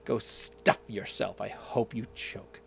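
Man doing a stern russian conductor, put-on russian accent, low, slow, contemptuous. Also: steady tone, gravelly, a bit bright, slight background noise, full character voice. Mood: scornful. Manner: slow, low, menacing delivery.

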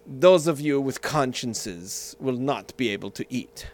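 A man putting on the voice of a stern, contemptuous Russian conductor, speaking slowly with a put-on Russian accent. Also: lively intonation. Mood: scornful. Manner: slow, low, menacing delivery.

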